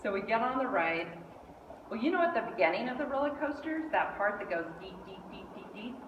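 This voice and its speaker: A middle-aged woman giving a lively storytelling speech, acting out the voices of the people in her story. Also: fairly high pitch, brisk, distant mic, highs cut off, noisy background. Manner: animated, acts out quoted voices. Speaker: speaker at a speech club. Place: meeting hall indoors. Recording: echoey hall, mic from afar.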